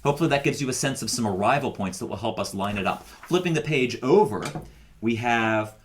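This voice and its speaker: A man's voice: medium pitch, animated, fairly quick. Patient man leading a choir rehearsal. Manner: patient, step-by-step explaining. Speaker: choir director. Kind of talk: recorded choir rehearsal instruction.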